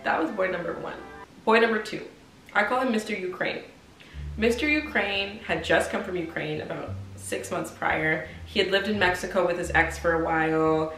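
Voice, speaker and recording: A woman's voice: lowish voice, normal speed. Woman, twenties, casual storytime, slangy, echoey room. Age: 20s. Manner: slangy, animated storytelling, acting out dialogue. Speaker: vlogger. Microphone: compact camera mic. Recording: roomy sound with faint music.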